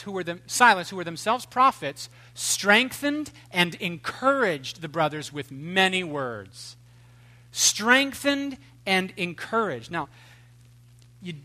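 A man preaching a sermon with a high, bright voice. He talks in an animated, humorous way, swinging between loud outbursts and quiet, hushed asides. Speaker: pastor.

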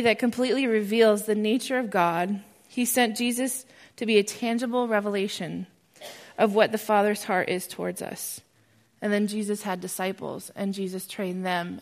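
Brief: young American woman, church testimony, lively storyteller, mid-pitched voice. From United States. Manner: animated storyteller, gets loud and excited when recounting. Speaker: speaker sharing a testimony. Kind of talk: church testimony talk with slides.

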